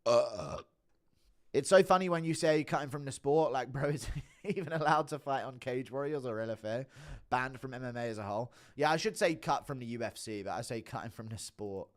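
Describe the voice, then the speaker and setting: A man's voice: medium pitch, fairly quick. A man doing casual live-stream commentary, swearing often, laughing a lot and talking to his chat. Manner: giggly, profane, talks to chat.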